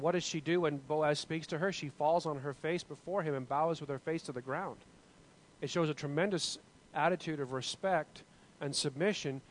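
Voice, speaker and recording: A man's voice: on the high side, slight background noise, low-quality recording. A man leading a group Bible study discussion, talking in an earnest, musing way with many restarts.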